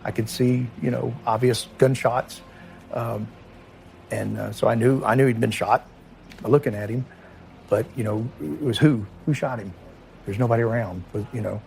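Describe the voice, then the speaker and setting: Middle-aged man from Kentucky, ex-police chief, halting emotional interview delivery, soft music under it. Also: medium pitch, steady tone, creaky. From Kentucky, USA. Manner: plain-spoken, halting, emotional. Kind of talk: interview recollection.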